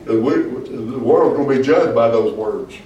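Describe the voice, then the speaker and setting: Emphatic pastor, echoey and distant. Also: male voice, mid-range voice, a little slow, dark tone, dull audio, a little hiss or hum. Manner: emphatic, calls for "Amen?" replies. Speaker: pastor leading a Bible study. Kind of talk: preaching Bible study. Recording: echoey room, far from mic.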